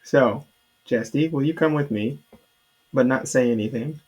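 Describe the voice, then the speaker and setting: A man playing a tabletop game casually, speaking haltingly with many fillers. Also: medium pitch, darkish tone, breathy edge, poor audio. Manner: halting, hesitant, full of fillers. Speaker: player. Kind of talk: casual tabletop role-play.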